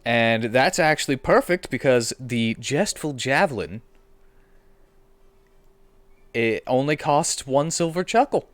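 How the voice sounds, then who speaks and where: A man narrating as game master of a comedic tabletop game, playful and animated. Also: mid-range voice, a little slow, no room sound.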